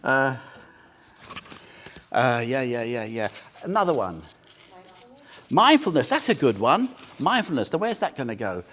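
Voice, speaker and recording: Lively, jokey male dharma teacher. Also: medium pitch, a little slow, long pauses. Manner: chatty, jokey, asks the group questions. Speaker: Buddhist teacher. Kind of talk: informal dharma talk to a small group. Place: meditation centre room.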